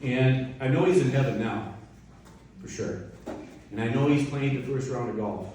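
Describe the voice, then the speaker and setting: At a memorial, a man gives a chatty, heartfelt, informal eulogy, turning to address the widow and mourners directly in an ordinary-pitched, darkish voice at moderate pace. A distant mic captures him in a big, echoey hall with faint hiss.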